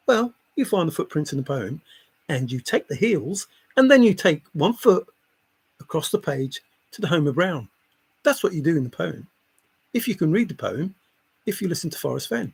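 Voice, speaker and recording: Husky man lecturing with taunting intensity. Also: on the high side, big pitch swings, normal speed. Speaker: treasure hunt theorist. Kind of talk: lecturing monologue.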